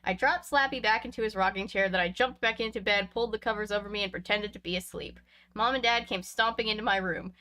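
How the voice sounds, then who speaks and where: A woman's voice: mid-range voice, fairly quick, pushed and bright. A woman reading a book aloud, breaking off for chatty, laughing asides between passages. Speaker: reader of a book.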